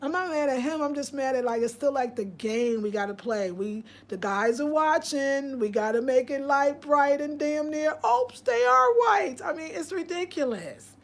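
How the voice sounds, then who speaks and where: A woman's voice: high-pitched, moderate pace, hardly any pauses. Outspoken woman host on a live stream. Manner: outspoken, preachy, reads viewer comments aloud. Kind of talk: casual live-stream chat.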